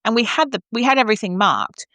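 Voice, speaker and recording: A woman's voice: on the high side, expressive, fast, sharp tone, no echo. An Australian woman co-hosting a podcast in casual chat, rambling and teasing as she tells stories. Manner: chatty, rambling with restarts, teasing. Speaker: podcast co-host.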